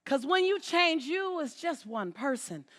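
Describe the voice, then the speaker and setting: Woman, motivational speaker, high and bright, punchy and repetitive, talking to a live crowd. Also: very animated, measured pace. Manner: emphatic, repeats phrases, calls out to the audience. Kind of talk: inspirational stage talk. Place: stage before a live audience.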